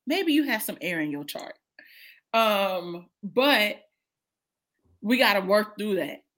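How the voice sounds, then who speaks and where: A woman in her thirties chatting casually over a video call, blunt, profane and animated, often laughing. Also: medium pitch, slow. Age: 30s. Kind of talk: casual chat.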